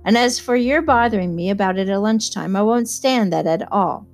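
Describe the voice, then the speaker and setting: A woman reading aloud and voicing a gruff, irritated man snapping down a telephone line. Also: medium pitch, moderate pace, soft background music, natural voice. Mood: annoyed. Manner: curt, indignant, raised voice.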